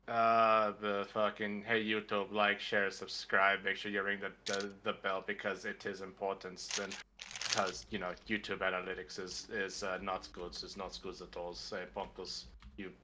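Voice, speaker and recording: A man joins the table chat with crude jokes and rambling asides. His voice sits a little low but sounds very bright. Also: flat delivery, a little slow, a little hiss or hum. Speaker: player. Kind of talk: casual chat.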